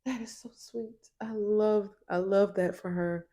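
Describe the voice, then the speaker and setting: A woman voicing a gentle, earnest young man who gushes softly. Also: mid-range voice, steady tone, a little slow, natural voice. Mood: gushing. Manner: soft, gushing.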